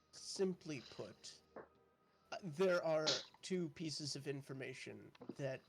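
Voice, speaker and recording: A man voicing a calm, posh male druid who speaks in slow, deliberate, formal sentences. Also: fairly high pitch, vocal fry, background noise, full character voice.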